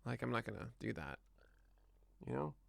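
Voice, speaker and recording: A man's voice: medium pitch, sing-song, moderate pace, vocal fry, a bit bright, no echo. A man hosting a morning podcast live on stream, chatting casually with his audience and then running through the day's news. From United States. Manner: chatty and self-deprecating, laughs at own jokes. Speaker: podcast host. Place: home studio, streaming live.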